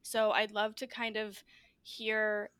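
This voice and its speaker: A woman's voice: medium pitch, completely flat delivery, takes it slowly, fairly bright tone, clear, resonant tone, no room sound. A woman hosting a podcast interview, chatting casually and encouragingly with plenty of fillers. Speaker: podcast host.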